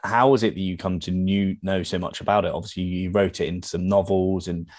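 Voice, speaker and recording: A man's voice: low voice, fairly even intonation, brisk, a little mellow, dry recording. A man hosting an interview podcast, asking questions in a casual, easygoing way. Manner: casual, easygoing, many fillers. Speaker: podcast host.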